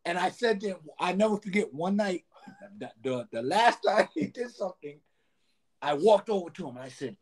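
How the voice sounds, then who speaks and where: A former nightclub bouncer, a man, tells stories in an interview. His voice runs high and husky, and his pitch leaps around as he talks. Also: moderate pace. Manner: animated storyteller who keeps adding "man". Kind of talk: storytelling in a podcast interview.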